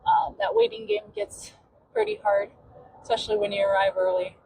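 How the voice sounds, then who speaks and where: A woman's voice: very high voice, sing-song, moderate pace. A woman hosting a podcast who tells a story in a loose, chatty way with many "um" fillers. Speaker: podcast host. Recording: clear background noise.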